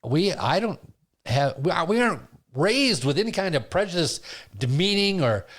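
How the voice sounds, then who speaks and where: A man's voice: sits high, sing-song, normal speed, a bit bright. A middle-aged man hosting a casual interview, telling rambling stories in a chatty way. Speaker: podcast host.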